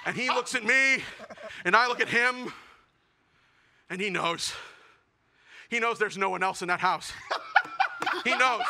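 A young man performing a self-mocking stand-up comedy set, building to shouted punchlines. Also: high voice, unhurried, long pauses, noisy background. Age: young adult.

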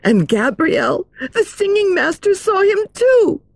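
Jeanne, a woman doing an excited young dancer. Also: extremely high pitch, slow pace, vocal fry, no room sound, voice pushed up, exaggerated voice. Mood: insistent. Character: excitable young ballet girl, frightened.

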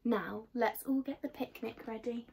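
A woman voicing a kind mother in a storybook reading, speaking in a brisk, reassuring way. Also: on the high side, gravelly, mellow, husky, heavily acted.

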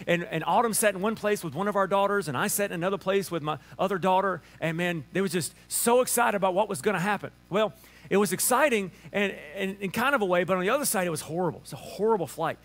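A man in his thirties with a Southern Alabama drawl, preaching a sermon and telling a family story with lively restarts. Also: high voice, fast. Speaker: pastor.

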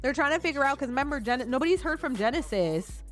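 A woman's voice: sits high, animated, quick pace, soft background music. A young woman giving casual, gossipy commentary over a life-sim game playthrough, swearing and laughing often. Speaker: let's play creator.

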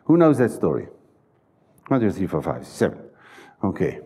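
A man's voice: low-pitched, wildly swooping pitch, moderate pace, long pauses, dark tone, breathy edge. A man preaching a sermon in a church, stressing his points and putting questions to the congregation. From South Africa. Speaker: pastor.

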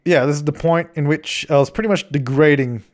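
A young man hosting a game channel gives chatty, rambling voice-over commentary on a building game. Speaking a little fast in a fairly high voice, he keeps restarting his sentences and teasing himself.

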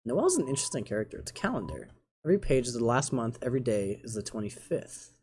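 A man giving let's play commentary, excitable and yelling out his reactions. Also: medium pitch, fast talker, slightly rough. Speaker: gamer.

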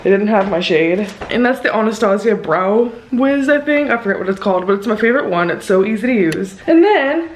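A young woman with a croaky, congested sick voice, chatting casually and self-mockingly in a vlog. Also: medium pitch, expressive, fairly quick, hardly any pauses, a little hiss or hum, low-quality recording. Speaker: vlogger. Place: car and home.

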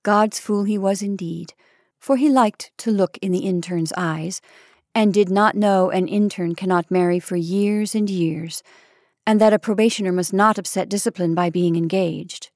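Brief: woman narrator, mid pitch, measured storytelling, dry close recording. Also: darkish tone, dry recording. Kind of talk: storytelling reading.

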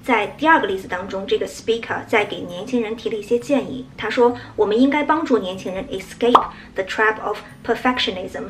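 A woman English teacher explaining English phrases in a brisk, explanatory way and acting out example lines. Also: fairly high pitch, heavy background noise. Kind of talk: explaining English usage in Mandarin.

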